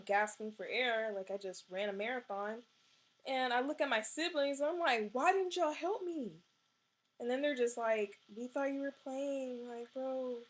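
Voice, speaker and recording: Animated young woman telling a story. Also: fairly high pitch. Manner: animated, fillers like "like" and "you know", swears casually. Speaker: vlogger. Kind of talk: casual storytelling.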